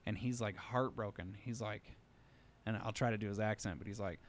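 This man, a podcast co-host in a studio, spins a long, rambling tale in casual conversation thick with fillers. His voice is lowish and his pace is moderate.

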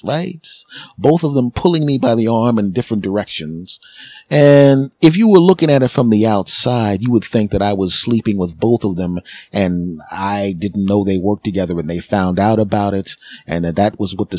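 A man hosting a podcast, telling a funny story with lively, repetitive comic phrasing. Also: on the low side, dry recording. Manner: animated, repetitive comic retelling. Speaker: podcast host. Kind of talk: comedic storytelling monologue.

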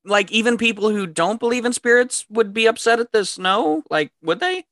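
Podcast co-host, playful and swearing, crisp bright tone, dry studio sound. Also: mid-range voice, expressive, moderate pace, no room sound. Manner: profane, giggly, playful. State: says they are high. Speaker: podcast co-host recapping the film. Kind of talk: casual podcast chat. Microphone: podcast microphone.

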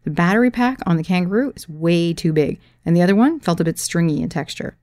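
A woman's voice: lowish voice, lively intonation, fast talker, a little mellow, no room sound. A woman narrating a memoir audiobook with wry, dry humor.

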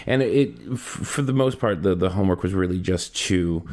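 A man's voice: deep voice, moderate pace, a little mellow. A man co-hosting a podcast, telling a work story in casual chat with many fillers and quoted lines. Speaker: podcast co-host; works in mental health care. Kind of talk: casual conversation.

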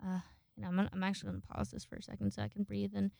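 A woman's voice: mid-range voice, flat delivery, racing, vocal fry, warm tone, no room sound, studio quality. A woman hosting a podcast in casual solo chat. She rambles, swears freely and acts out the people she quotes. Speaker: podcast host.

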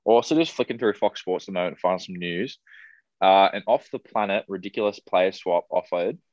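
A young man with an Australian accent co-hosting a casual podcast, chatty and relaxed. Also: low-pitched, a little fast, no room sound. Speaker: podcast co-host. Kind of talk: casual chat. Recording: dry, dull lo-fi sound.

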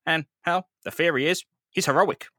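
A man's voice: moderate pace, bright, forceful tone, dry recording, clean studio sound. A man voicing a hearty, overbearing older police captain who drawls and keeps calling people son. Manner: booming, drawling, calls everyone son.

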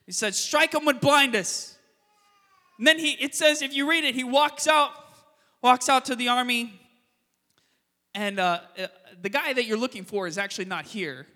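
A male pastor with a very high, bright, forceful voice delivers a lively sermon. He swings from loud, punchy emphasis to hushed quick asides. The sound carries a long church-hall reverb. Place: church sanctuary.

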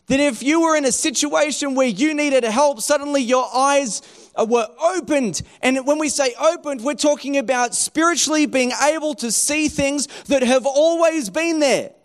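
A man delivers a sermon in a strikingly high voice for a man. He talks to the congregation conversationally, posing rhetorical questions and often restarting his sentences. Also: moderate pace. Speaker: pastor.

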